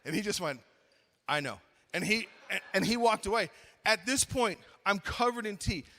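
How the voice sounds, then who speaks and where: A middle-aged man preaching at a youth conference, telling a funny story with lively acted-out dialogue, then slowing into earnest appeals. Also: high voice, vocal fry, in a large hall. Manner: animated, acts out his own story, then slows to earnest appeals. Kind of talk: storytelling sermon.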